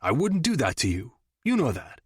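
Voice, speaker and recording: A man's voice: medium pitch, wildly swooping pitch, normal speed, slightly rough, dry recording, clean studio sound, voice pushed up, exaggerated voice. A man doing a smug, teasing buddy. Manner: smug, joking banter. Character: cocky, teasing young man, best friend.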